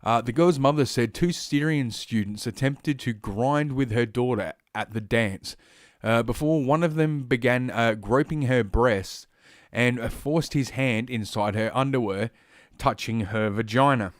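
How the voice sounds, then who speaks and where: A man's voice: medium pitch, measured pace, few pauses, no echo, clean studio sound. Rambling, sarcastic Australian man. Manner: rambling, profane, sarcastic, with frequent fillers and asides. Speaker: podcast host. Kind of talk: solo commentary reading news stories.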